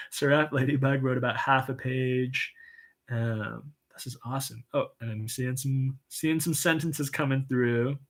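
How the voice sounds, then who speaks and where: A man hosting a casual livestream, reading viewer comments with an upbeat, encouraging manner, lots of "um" and soft laughs. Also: mid-range voice, fairly even intonation, unhurried. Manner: chatty and enthusiastic, frequent "um" and soft laughs; says "y'all", upbeat and encouraging. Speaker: livestream write-in host.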